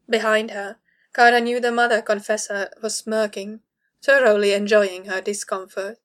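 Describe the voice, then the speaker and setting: A woman narrating a story aloud in a measured, even storytelling manner, as in an audiobook. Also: mid-range voice. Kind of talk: audiobook reading of fan fiction.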